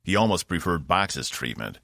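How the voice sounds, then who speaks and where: Man, audiobook narrator, very low voice, gravelly, lively intonation, dry studio sound. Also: normal speed, no room sound.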